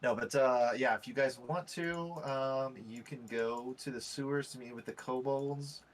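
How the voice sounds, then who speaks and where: A man's voice: medium pitch, fairly even intonation, a little slow. A man narrating as game master in a casual, hesitant way with many fillers.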